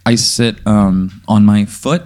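A man's voice: on the low side, slow, darkish tone. A man who plays along with a comic story, improvising his own replies. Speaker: podcast guest. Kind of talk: casual comedic chat.

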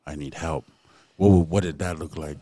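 A man interviewing a guest, asking gentle, empathetic questions. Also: a bass voice, fairly even intonation, moderate pace, no room sound. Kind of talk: conversational interview.

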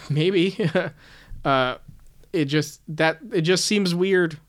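A man co-hosting a relaxed book chat, musing aloud and second-guessing his own points. His voice sits somewhat high for a man. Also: drawn-out words. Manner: thoughtful, self-questioning. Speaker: podcast co-host. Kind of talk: casual book-discussion chat.

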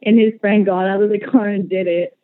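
A woman's voice: medium pitch, fairly even intonation, a little fast. A woman guest calling in on the phone, telling stories hesitantly with many fillers. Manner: hesitant, lots of "like" and "um". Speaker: podcast guest on a phone call. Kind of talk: casual storytelling. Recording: tinny phone line.

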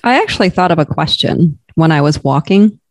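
A woman co-hosting a podcast, asking curious, gentle questions in casual conversation. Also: sits low, animated, a little fast, no echo. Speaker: podcast co-host.

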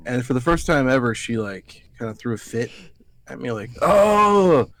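Brief: male podcast host, mid-pitched, casual and profane, dry close mic. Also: a little fast, no room sound. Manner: profane, rambling storytelling. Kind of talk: casual chat.

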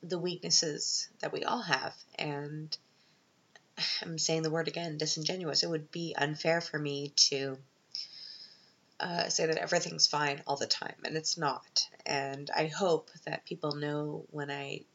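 A woman's voice: low-pitched, little pitch movement, a little slow, creaky, fairly bright tone. A woman hosting her own podcast, talking through tears, hesitant and full of ums, on a dull lo-fi recording. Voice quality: unscripted, hesitant with many ums. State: tearful, emotional. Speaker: podcast host. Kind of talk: personal podcast monologue. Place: Vienna.

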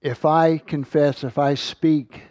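Slow, mellow-voiced man preaching. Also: a little high, fairly even intonation, no echo. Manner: earnest, repeats words while finding his thought. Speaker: Bible teacher. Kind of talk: sermon with scripture reading.

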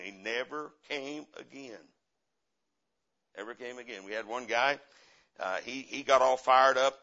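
Speaking unhurriedly with long pauses, a middle-aged man in a mid-range voice delivers a sermon at church as a visiting missionary. His impassioned storytelling rises and falls between loud and quiet, with repeated phrases for emphasis, all on a dull lo-fi recording.

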